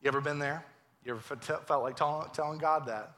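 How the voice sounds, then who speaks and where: A man preaching a lively, joking sermon in a church, acting out voices as he goes. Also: on the high side, fast. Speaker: pastor. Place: church sanctuary.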